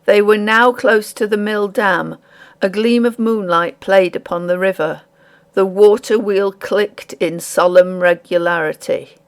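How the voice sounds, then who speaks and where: Slow gravelly woman narrator. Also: medium pitch. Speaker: audiobook narrator. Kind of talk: scripted narration.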